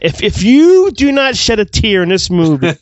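A man's voice: high voice, big pitch swings, normal speed, no echo. A man co-hosting a movie review podcast, talking in an emphatic, gushing way in casual chat. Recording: dry, dull lo-fi audio.

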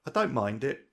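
A man's voice: medium pitch, vocal fry, a bit bright. A middle-aged man, a guest in a casual chat, who laughs often and stumbles over restarts. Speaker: podcast guest.

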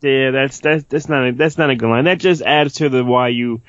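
A man's voice: medium pitch, moderate pace, no echo. A man co-hosting a casual podcast chat about a film, agreeable and joking, with frequent sighs and laughs. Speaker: podcast co-host. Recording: dull dry lo-fi sound.

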